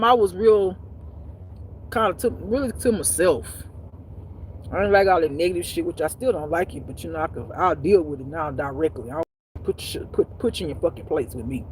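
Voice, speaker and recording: A woman telling a personal story as a spiritual life teacher, in a blunt, profane, animated way that swings between loud and hushed. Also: on the low side, fairly quick, slight background noise. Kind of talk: casual storytelling monologue.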